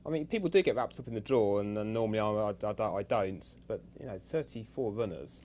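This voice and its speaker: Low-voiced man explaining racing tactics. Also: animated, fast talker, a little mellow, slight background noise. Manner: thoughtful, repeats words as he thinks. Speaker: racing pundit. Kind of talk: casual betting chat.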